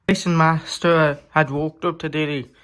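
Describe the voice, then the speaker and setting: Halting man telling a homemade story. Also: on the high side, level tone, fairly bright tone, smooth. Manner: halting, informal narration. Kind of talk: amateur storytelling.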